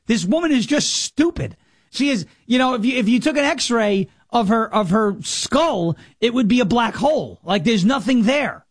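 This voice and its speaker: A man's voice: very high-pitched, lively intonation, normal speed, slightly rough, no room sound, studio quality. A man hosting a talk show, mocking and sarcastic as he comments on played clips.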